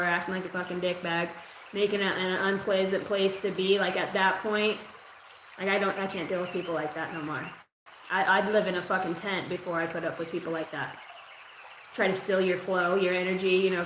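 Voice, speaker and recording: Rambling, profane woman psychic in an echoey room. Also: medium pitch. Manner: casual, profane, rambling with many fillers. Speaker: psychic reader. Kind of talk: livestream channeled oracle reading. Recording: echoey room with faint ambient noise.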